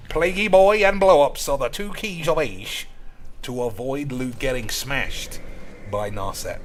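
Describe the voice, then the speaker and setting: A man chatting through his card game stream in a crisp, bright voice, rambling from one subject to another. He swears constantly, keeps his talk crude, and calls his viewers boys. A faint hiss sits under the recording. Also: medium pitch. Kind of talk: casual gameplay commentary.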